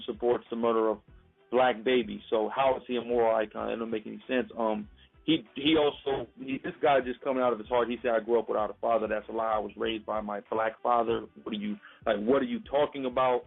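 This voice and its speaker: A young man pushes back against his opponent's claims with indignation. He stops often to say "um" between points. His mid-pitched voice sounds tinny, like a phone call, with faint music behind it. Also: steady tone, brisk, creaky. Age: young adult. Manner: indignant rebuttal, many "um" fillers. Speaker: debater. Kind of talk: heated online debate.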